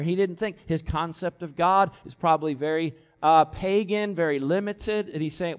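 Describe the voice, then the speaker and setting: A man preaching an expository sermon, chatting through the passage and then swelling to loud, emphatic peaks as he reads scripture aloud. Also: a little high, moderate pace, hardly any pauses. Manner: conversational asides between readings. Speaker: Bible teacher.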